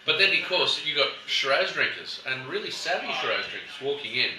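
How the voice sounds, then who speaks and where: A man's voice: fairly high pitch, very animated, a little fast, a crowd in the background. A man presenting a casual wine tasting in a shop, telling stories and acting out customers. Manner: chatty storyteller, acts out customers. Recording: echoey room, mic at a distance, background noise.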